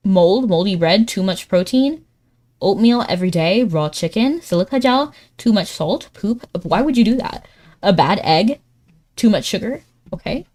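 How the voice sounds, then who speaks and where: A woman chats casually on a live stream while playing a word game, thinking out loud, laughing a lot, and jumping up in pitch when she gets excited. She speaks at a moderate pace.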